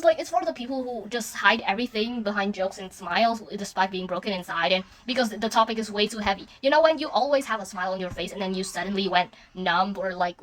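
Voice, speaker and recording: A woman's voice: mid-range voice, fairly bright tone. A young woman in a small room at home, gushing and swearing as she breaks down song lyrics, sometimes bursting into screams. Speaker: podcast host.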